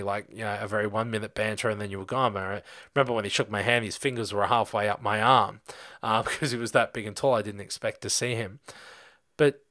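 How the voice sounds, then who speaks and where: Young Australian man, low voice, dry close sound; rambling podcast storyteller. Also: no room sound. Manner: rambling, animated anecdote with many fillers. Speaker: podcast host. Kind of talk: casual storytelling.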